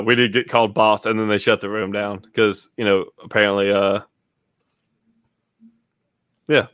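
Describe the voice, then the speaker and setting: Male co-host, low voice, joking storyteller, casual chat. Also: sharp tone, dry recording, clean studio sound.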